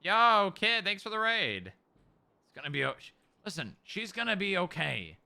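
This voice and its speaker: A man streaming in-character role-play, coaxing and reassuring as he talks gently to a dog and a hurt friend. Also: high-pitched, very animated, a little slow, creaky.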